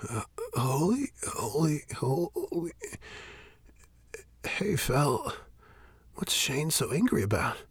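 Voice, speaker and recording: A man voicing a trembling, anxious young male priest who chants softly in a shaky voice. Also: mid-range voice, sing-song, slow pace, gravelly, breathy edge, no room sound, pitched above the performer's own voice, full character voice. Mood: nervous chanting.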